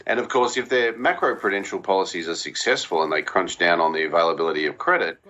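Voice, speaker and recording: Very deep-voiced man, dull lo-fi sound. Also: fast. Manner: steady, explanatory, firm opinions. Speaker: economist guest. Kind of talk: measured expert commentary. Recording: dull lo-fi audio.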